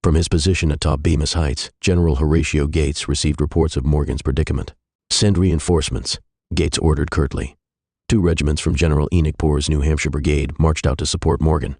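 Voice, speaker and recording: A man narrating a historical fiction story in a measured, even way. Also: extremely low pitch, slightly rough, no room sound, studio quality.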